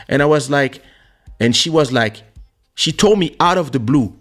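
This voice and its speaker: A man's voice: mid-range voice, fairly quick, faint music behind. A man hosting a podcast, talking casually and telling a personal story, acting out the voices of the people in it. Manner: animated storyteller who acts out voices in quotes. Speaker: podcast host and musician. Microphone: studio podcast microphone.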